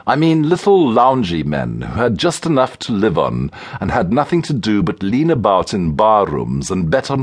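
A male audiobook narrator voicing a spirited, impatient young woman who speaks briskly and with exasperation. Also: lowish voice, husky, heavily acted. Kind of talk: audiobook character reading.

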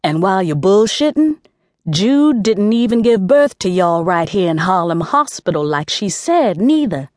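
A woman's voice: medium pitch, very animated, a little slow, darkish tone, dry recording, clean studio sound. A woman voicing a tough, brash middle-aged aunt who barks bluntly and curses. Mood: scolding. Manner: barking, blunt, cursing.

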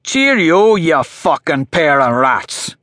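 A man's voice: sits high, big pitch swings, a little slow, a bit bright, no echo, clean studio sound, voice pushed up, heavily acted. A man voicing a taunting Scottish killer. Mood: vicious. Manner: mocking, coldly cheerful taunts. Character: calm menacing male killer taunting his victims.

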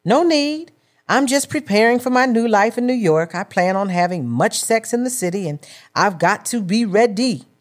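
A woman's voice: mid-range voice, lively intonation, normal speed, pitched above the performer's own voice, lightly acted. A woman narrator voicing a vain, secretive young woman who answers defensively.

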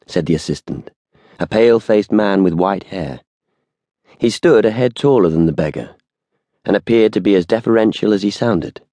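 A man with a very low, husky voice narrates a mystery audiobook in a steady, measured way. He is recorded close to the mic in a dry, dead studio. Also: dry recording.

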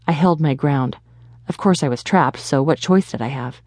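A woman reading a first-person audiobook in a steady, measured storytelling manner. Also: low voice, dry recording. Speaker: audiobook narrator.

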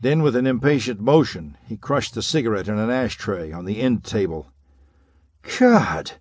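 A man narrating an audiobook of 1930s pulp fiction with a measured, dramatic reading. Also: on the low side, darkish tone, husky, dry recording, studio quality.

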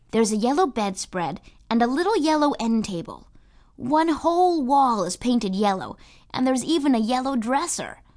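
Lively, chatty woman narrating a kids' story. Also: on the high side. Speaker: audiobook narrator. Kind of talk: first-person children's audiobook narration.

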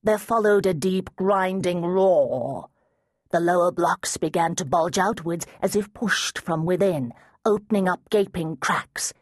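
A woman reads a fantasy audiobook in measured, steady narration. Her voice sits low and a little husky. The recording is dry and close, with no room sound. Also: dry recording. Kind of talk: scripted narration.

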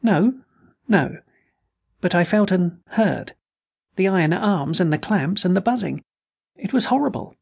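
A woman's voice: lowish voice, lively intonation, normal speed, darkish tone, slightly rough, voice pushed up. A man narrating an audiobook, voicing a nervous, defiant young woman who speaks shakily and turns hysterical. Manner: shaky, rising to hysterical and defiant. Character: frightened, fiery young woman, a recluse's daughter.

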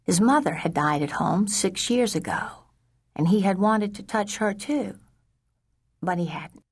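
A woman narrating a children's audiobook in a slow, measured storytelling manner, sometimes dropping to a hush. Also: mid-range voice, breathy edge. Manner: slow, measured storytelling with soft hushed passages.

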